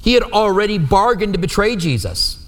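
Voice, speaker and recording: A man's high-pitched, fairly bright voice swings widely in pitch as he talks a little fast. He is a pastor giving a conversational teaching sermon in a church, regularly asking the room for agreement, recorded with long hall reverb.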